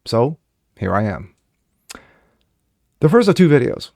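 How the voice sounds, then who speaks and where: A man's voice: on the high side, sing-song, moderate pace, pauses often, a little mellow, dry recording. A man giving sarcastic commentary on news stories, reading articles aloud with mocking asides. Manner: sarcastic, mocking asides between read-out passages. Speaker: commentary vlogger.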